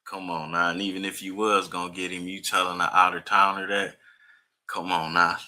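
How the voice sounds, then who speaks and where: A man's voice: sits low, flat delivery, moderate pace, sharp tone. A man hosting a reaction video, commenting emphatically in profane street slang.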